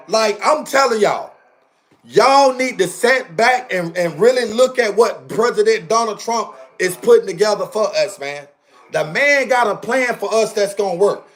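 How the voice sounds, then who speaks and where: A man hosting a casual livestream from home, talking straight to his viewers in a fired-up, repetitive rant. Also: sits high. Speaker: livestream host. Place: indoors at home on camera.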